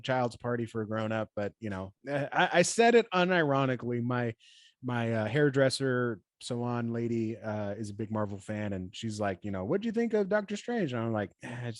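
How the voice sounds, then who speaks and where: A man co-hosting a casual podcast chat, laid back, often trailing off quietly and chuckling. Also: medium pitch, normal speed, no room sound, clean studio sound. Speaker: podcast co-host, pastor.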